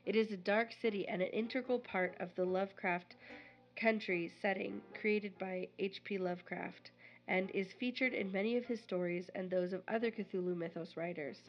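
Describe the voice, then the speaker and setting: A woman of middle pitch co-hosts a podcast, chatty and jokey as she reads. Her sound is slightly dull and lo-fi, with faint music behind. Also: normal speed. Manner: jokey, giggly banter, then reads a quoted passage aloud. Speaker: podcast co-host. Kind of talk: podcast reading and chat.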